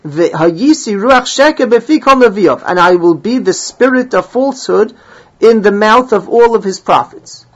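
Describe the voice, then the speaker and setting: Male Talmud teacher, husky voice, dull lo-fi recording, reads the text aloud and explains it line by line. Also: high-pitched, expressive, moderate pace. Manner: reads Hebrew and Aramaic phrases, then explains them in English. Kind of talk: Talmud class, translating and explaining.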